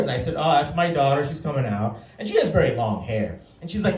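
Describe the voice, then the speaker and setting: A man's voice: mid-range voice, animated, quick pace, hardly any pauses, a little mellow. A man in his forties doing a stand-up set, telling stories about his family and acting out the other people's lines. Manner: dry, storytelling delivery with acted-out quotes. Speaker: stand-up comedian. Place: comedy stage before a live audience. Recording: roomy stage sound from a distance. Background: audience laughter.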